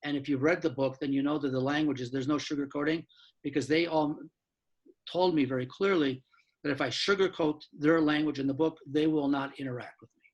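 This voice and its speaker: Husky-voiced older man, blunt and frank. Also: a little high, steady tone, lo-fi sound. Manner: frank and blunt, with mild swearing and quick asides. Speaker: law professor and author giving a talk. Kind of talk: candid lecture-style talk. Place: his apartment.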